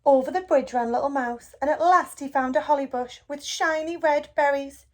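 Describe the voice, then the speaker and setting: A woman with a fairly high voice reads a children's picture book aloud. She tells the story gently and expressively, the way a teacher reads to a class. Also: normal speed. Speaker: school storybook reader.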